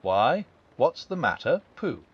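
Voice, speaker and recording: A man reading a storybook aloud and voicing a kind, excited young boy. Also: mid-range voice, slow pace, husky, dull audio, full character voice. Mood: eager. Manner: excited and caring.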